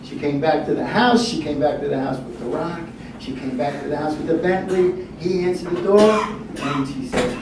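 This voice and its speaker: A man doing a stand-up comedy set on a club stage, telling stories with wry timing. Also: fairly high pitch. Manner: wry storytelling with punchline pauses. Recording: echoey room from a distance, noisy.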